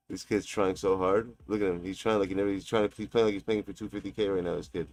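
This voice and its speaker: This streamer's voice is deep and darkish, fairly even in intonation, fast, with few pauses and no echo. He taunts and mocks his opponent in profane live trash talk while playing a basketball video game.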